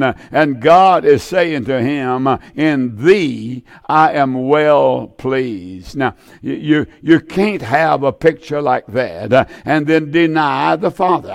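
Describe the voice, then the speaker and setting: A man's voice: on the high side, gravelly. A man preaching on the radio, reading scripture and stumbling often with fillers and restarts. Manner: halting, many fillers and restarts.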